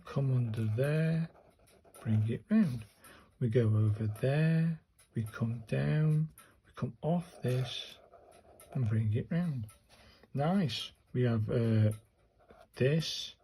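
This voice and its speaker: A man's voice: fairly high pitch, warm tone, breathy edge, rough recording. A man casually talking himself through his writing strokes, muttering step by step as he practices. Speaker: calligraphy learner and channel host. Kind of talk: casual narration while practicing.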